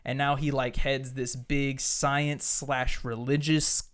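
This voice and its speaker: A man's voice: mid-range voice, level tone, takes it slowly, fairly bright tone, clear, resonant tone. A man hosting a casual podcast chat, rambling and enthusiastic, full of fillers and swearing. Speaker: podcast host.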